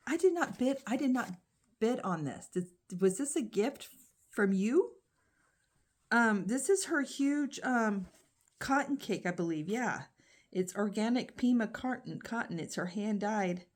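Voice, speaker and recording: Woman, crochet vlogger, casual phone-camera unboxing chat, crinkling packaging behind her. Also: medium pitch. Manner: chatty, frequent ums and restarts.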